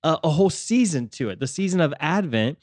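A man's voice: fairly high pitch, very animated, fairly quick, darkish tone, dry recording, clean studio sound. A man co-hosting a faith podcast, talking reflectively with many fillers and restarts. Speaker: podcast co-host, ministry leader. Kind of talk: casual faith discussion.

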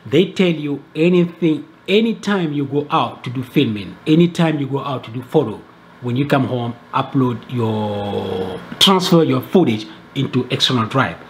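A man telling a travel story to camera, animated and full of restarts and repeated words. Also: mid-range voice, moderate pace, slight background noise. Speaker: travel video creator.

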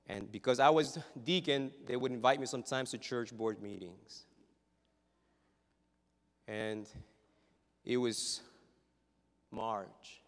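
A male pastor preaching a sermon. His delivery is dramatic and full of humorous stories, and it swings from hushed asides to loud exclamations. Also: mid-range voice, smooth. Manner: humorous storytelling. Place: church sanctuary. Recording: reverberant church hall.

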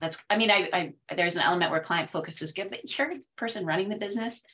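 Woman student, earnest halting chat, lower pitch, bright edge. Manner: earnest, halting, many fillers. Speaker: mentoring student. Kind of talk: casual panel chat.

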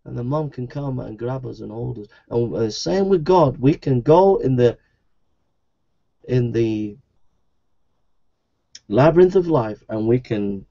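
An earnest male preacher delivers a sermon, circling back on the same phrases as he presses his appeal. His voice sits at a middle pitch with a mellow, dark tone. The recording is dull and lo-fi. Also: vocal fry. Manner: earnest, repetitive evangelistic preaching.

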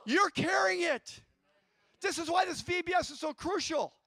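A man preaching a lively guest sermon, breaking into shouts and calling on the congregation to answer back. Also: very high voice, normal speed, creaky, dry recording. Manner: excitable, shouting bursts, congregation call-and-response.

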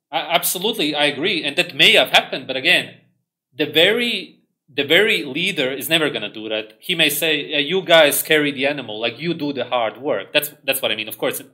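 A man's voice: mid-range voice, a little fast, bright, forceful tone. A man hosting a livestream, ranting in a contemptuous monologue. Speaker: livestream host.

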